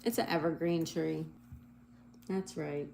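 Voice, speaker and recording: A woman's voice: sits low, steady tone, slow pace, gravelly, darkish tone, slight background noise. A middle-aged woman hosting a casual livestream, reading out viewer comments and spelling crossword answers letter by letter in a cheerful, chatty way. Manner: apologetic over slips. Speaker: livestream host.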